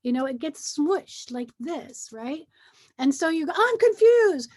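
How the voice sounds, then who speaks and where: A woman's voice: sits high, measured pace. A middle-aged woman speaking as a guest in a casual conversation, explaining feelings earnestly and acting out what people say to themselves. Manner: earnest, animated, acts out feelings while explaining. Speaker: guest, hypnosis practitioner.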